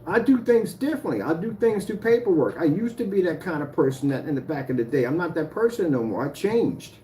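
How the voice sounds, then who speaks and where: A man's voice: on the high side, sing-song, fairly quick, mellow, slight background noise. A man speaking straight to the camera, confrontational and rambling as he warns a rival. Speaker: YouTuber addressing a rival. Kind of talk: direct-to-camera rant.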